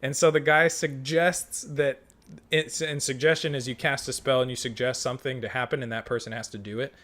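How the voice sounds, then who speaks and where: A man's voice: medium pitch, brisk. A young man with an ordinary mid-range voice tells a tabletop game story among friends. He swears often and acts out each exchange with the game master. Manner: profane, animated retelling with quoted dialogue. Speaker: podcast host.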